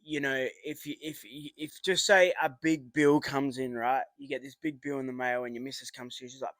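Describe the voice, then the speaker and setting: A man's voice: mid-range voice, fairly even intonation, moderate pace, few pauses, fairly bright tone, no echo. A man giving casual relationship advice in a rambling monologue. He swears often, uses matey slang and acts out remembered arguments.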